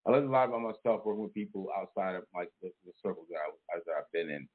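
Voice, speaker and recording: A man's voice: sits low, expressive, fast talker, over a noisy crowd. A man hosting a casual chat, laid-back and slangy, often repeating his words. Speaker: host. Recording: tinny phone-like line.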